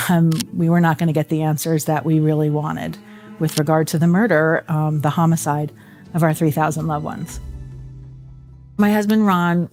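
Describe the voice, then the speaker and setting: A woman giving a personal testimony in an interview, halting and repeating herself. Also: deep voice, a little mellow. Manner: halting, with fillers and repeated phrases. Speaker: interviewee, widow.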